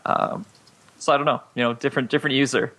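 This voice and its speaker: A man's voice: mid-range voice, steady tone, fast talker, fairly bright tone. A man chatting casually as a regular panelist on a tech podcast, thinking aloud and hedging with fillers.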